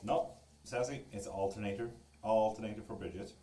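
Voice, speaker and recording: Low, mellow man in echoey room. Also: steady tone, fairly quick, recorded from a distance. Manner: loose, joking, swears freely while reading viewer comments. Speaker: tarot reader and live streamer. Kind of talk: casual live-stream chat. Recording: echoey room, voice away from the mic.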